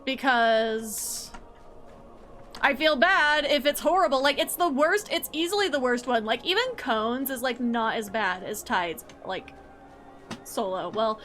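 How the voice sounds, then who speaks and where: A young American woman rambles casually to her viewers while she plays, tossing in "like" at every turn. Her voice sits high, and the talk wanders loosely from thought to thought. Faint music plays under her. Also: lively intonation, unhurried, fairly bright tone. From United States. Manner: rambling and chatty, heavy on fillers like "like". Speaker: game streamer. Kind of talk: casual chat while gaming.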